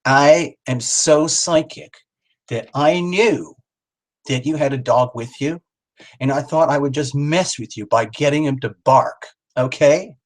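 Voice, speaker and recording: Speaking unhurriedly in a fairly high voice, a middle-aged tarot streamer rambles and cracks jokes live. He talks directly to his viewers, calling them out by name.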